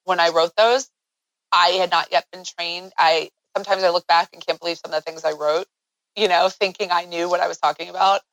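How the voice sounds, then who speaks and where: A woman's voice: lowish voice, fairly even intonation, fairly quick, a bit bright, dry recording, poor audio. Earnest woman telling her story, dry sound. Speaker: interview guest. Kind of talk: personal storytelling in an interview.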